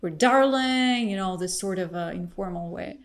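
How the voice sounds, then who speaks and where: Podcast host: woman, native Russian speaker, middle pitch, relaxed interviewer who keeps the questions coming. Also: normal speed. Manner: asks lively follow-up questions. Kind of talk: casual interview chat.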